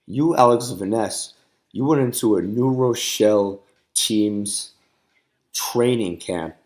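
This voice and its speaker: A man's voice: on the low side, takes it slowly, a little mellow. A man in his twenties hosting a podcast, interviewing a friend in an upbeat, conversational way and chiming in often with agreement. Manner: upbeat, chimes in with frequent agreements. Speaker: podcast host.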